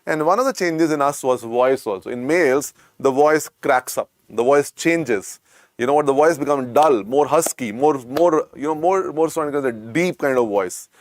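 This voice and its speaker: A man with an Indian accent and a croaky voice teaches an online medical lecture, repeating points and coaxing students. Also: medium pitch, moderate pace, no echo. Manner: repetitive, coaxing, calls students "beta".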